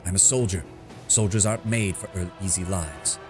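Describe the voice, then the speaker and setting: A man's voice: deep voice, normal speed, music in the background, close to an everyday voice. A man voicing a guilt-ridden male soldier captain, speaking in a solemn, bitter tone. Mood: somber.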